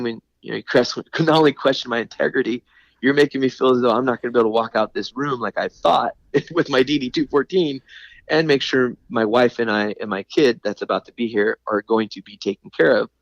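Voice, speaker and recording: A man's voice: on the low side, creaky, no room sound. A man, a veteran podcast guest, telling a story in a rambling, casual way, with lots of "you know" and some laughs. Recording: dull, dry lo-fi recording.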